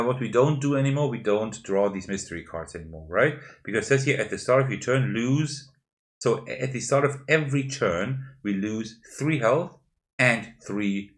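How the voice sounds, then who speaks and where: Male board game host, lowish voice, solo playthrough commentary, walks through every move as he moves the pieces. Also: expressive, moderate pace. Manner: explains each move step by step while handling pieces.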